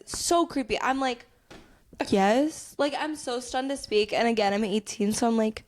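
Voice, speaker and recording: Young woman, podcast co-host, casual chat, sarcastic storyteller, a bit high-pitched. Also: moderate pace, darkish tone.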